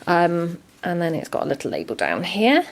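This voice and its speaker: A woman casually walking through a handmade junk journal, chatty and relaxed with frequent ums. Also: fairly low pitch, normal speed, a little hiss or hum. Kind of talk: casual show-and-tell narration.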